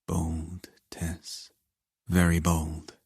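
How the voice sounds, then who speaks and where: A man voicing a dominant, possessive husband in an audiobook, speaking in a low, hushed, commanding way. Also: completely flat delivery, extremely slow, vocal fry, husky, no room sound, studio quality, heavily acted.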